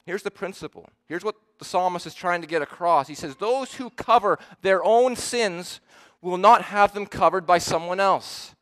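Preacher, male, fairly high voice, earnest and emphatic sermon delivery. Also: fairly bright tone. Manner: earnest, emphatic, with slow stressed quotes.

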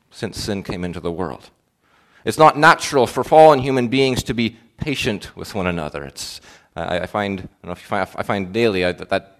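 Low-voiced guy preaching a sermon, earnest, lots of uh and restarts. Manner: earnest, questioning, frequent fillers and restarts. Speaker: pastor.

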